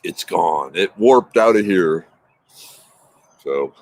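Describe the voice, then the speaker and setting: A man's voice: low voice, animated, takes it slowly, a little mellow, no room sound. A man hosting a casual morning livestream from his backyard, greeting viewers by name in an upbeat, rambling way. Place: outdoors in a backyard. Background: traffic noise.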